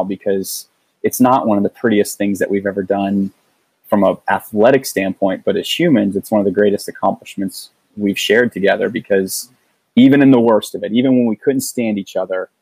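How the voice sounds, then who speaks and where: A man with a somewhat low voice tells a personal story with earnest, halting delivery, often restarting his sentences mid-thought. The sound is dry and close, with no room echo around it. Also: a little mellow, husky. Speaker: guest. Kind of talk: casual storytelling.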